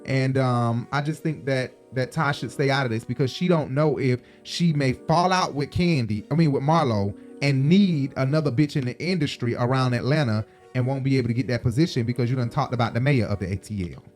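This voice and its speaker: A man's voice: medium pitch, fairly quick, few pauses, faint music behind. A man hosting a casual reality TV recap, chatty and opinionated, with frequent ums. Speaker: recap show host.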